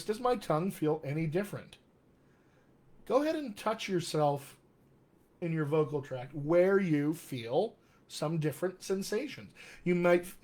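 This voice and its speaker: A man teaching tongue exercises as a dialect coach in a live-streamed lesson, upbeat and encouraging. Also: fairly high pitch. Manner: upbeat, encouraging, reads out viewer comments.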